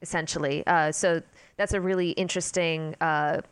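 A woman's voice: deep voice, fairly even intonation, normal speed, clear, resonant tone, dry recording. A woman co-hosting a podcast in casual fan chat, chatty and rambling, laughing often. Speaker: podcast co-host.

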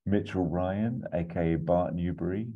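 A man casually pitching a film plot as a podcast host, rambling, laughing often and swearing. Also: fairly even intonation, normal speed, phone-quality sound.

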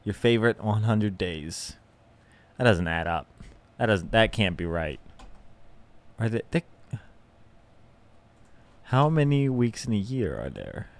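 A man's voice: on the low side, big pitch swings, takes it slowly, pauses often. A young man hosting a casual solo podcast, rambling and self-deprecating, with plenty of fillers and restarts. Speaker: podcast host.

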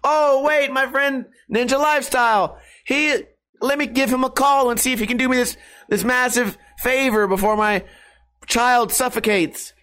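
A man's voice: very high-pitched, steady tone, moderate pace, fairly bright tone, voice pushed up. A man acting out a frantic parent who has locked a child in a cellar, pleading for help in a raised voice. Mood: panicked. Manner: panicked, pleading.

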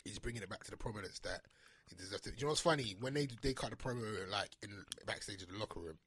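A man's voice: fairly low pitch, expressive, very fast, a bit bright, breathy edge, no room sound. A man co-hosting a casual wrestling chat, giving his opinions with enthusiasm. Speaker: co-host.

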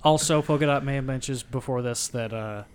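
A man's voice: mid-range voice, normal speed, slight background noise. A man co-hosting a podcast, casually retelling film scenes with lots of fillers and swearing. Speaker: podcast co-host. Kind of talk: casual movie discussion.

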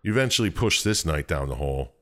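Very deep male voice, swearing often, lively game recap, casual chat. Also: fast. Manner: profane, animated storytelling.

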